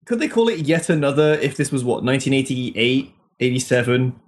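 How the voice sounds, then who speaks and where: A man co-hosting a podcast in casual chat, making quick jokes and reacting with laughs. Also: medium pitch, sing-song. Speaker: podcast co-host.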